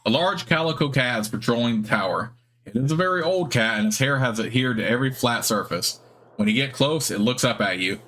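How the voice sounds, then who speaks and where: A man's voice: mid-range voice, fairly quick, a little hiss or hum. Man narrating a game playthrough. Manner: relaxed, chatty, with fillers. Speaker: let's play host. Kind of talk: casual gameplay commentary and narration.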